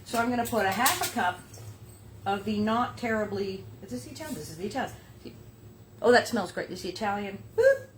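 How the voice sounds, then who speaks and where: A woman's voice: medium pitch, quick pace, slight background noise. A woman hosting a casual cooking demonstration in a kitchen, chatty and playful, with silly sing-song asides. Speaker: cooking show host. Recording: kitchen clatter of dishes and utensils behind.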